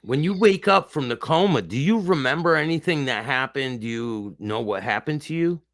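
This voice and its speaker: A man's voice: mid-range voice, expressive, normal speed, fairly bright tone. A man hosting a casual interview, asking curious questions. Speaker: host.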